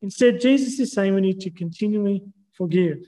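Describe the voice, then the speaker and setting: An earnest male preacher with a notably high voice. He teaches in a measured way and reads scripture aloud as he goes. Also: mellow, low-quality recording. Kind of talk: sermon.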